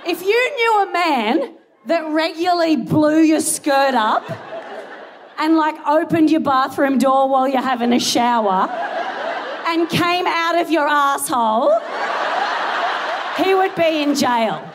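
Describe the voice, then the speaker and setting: A woman's voice: high-pitched, lively intonation, takes it slowly, pauses often, some chatter behind. A young Australian woman doing a rambling, self-deprecating stand-up set on a big theatre stage, giggling between jokes. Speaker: stand-up comedian. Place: large theatre stage before a live audience. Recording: live theatre recording with audience noise.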